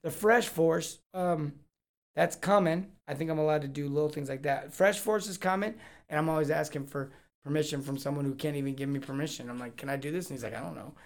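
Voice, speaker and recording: A man's voice: a little high, fairly quick. A man hosting a live Q&A podcast, joking and rambling with lots of energy. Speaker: podcast host. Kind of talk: casual live Q&A chat.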